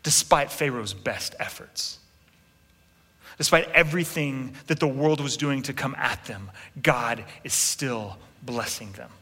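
A man in his thirties preaching a sermon with animated storytelling, acting out quotes and making asides to his congregation. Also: mid-range voice, measured pace, hardly any pauses. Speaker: pastor. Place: large church hall. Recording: long reverb in a big hall.

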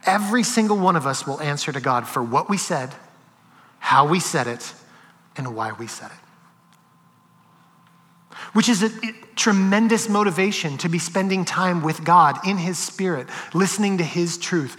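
A male pastor with a fairly high, bright and forceful voice. He preaches with stories, getting loud and animated at times and dropping to slow near-whispers. A long reverb trails his words through the hall. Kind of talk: sermon with storytelling.

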